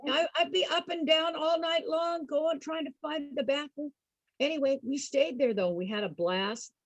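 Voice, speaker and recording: A woman entertaining program participants with an animated personal story, laughing often and asking her listeners questions. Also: sits high, moderate pace, no echo, rough recording.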